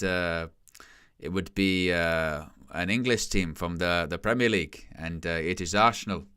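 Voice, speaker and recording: A fumbling football manager with a put-on Dutch accent, as a man imitates him, pausing with hesitations between phrases. The voice sits noticeably lower and quieter than the man's own, and it stays bright and clear. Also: full character voice. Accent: mock Dutch, as an impression. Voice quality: halting, full of hesitations.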